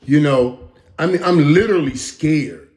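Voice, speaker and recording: A man in his fifties hosting a casual reaction monologue, talking emphatically with stammered restarts and dropping into low mutters. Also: measured pace, darkish tone. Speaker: host. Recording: roomy echo.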